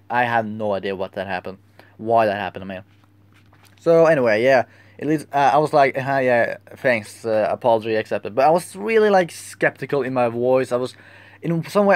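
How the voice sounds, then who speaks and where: Young man, rambling and halting. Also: mid-range voice, dry recording. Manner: rambling and halting, searching for words. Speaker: vlogger. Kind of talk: casual storytelling vlog.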